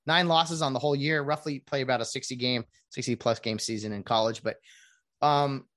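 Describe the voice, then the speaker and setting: A woman's voice: a bass voice, fairly even intonation, fairly quick. A woman ranting casually to viewers about sports, rambling with many restarts and asides. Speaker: sports commentator.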